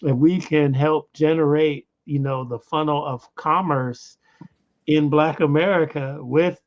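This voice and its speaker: A man hosting an interview in a relaxed conversational way, often saying "you know". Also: on the high side, a little slow. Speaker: host. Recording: dull lo-fi sound.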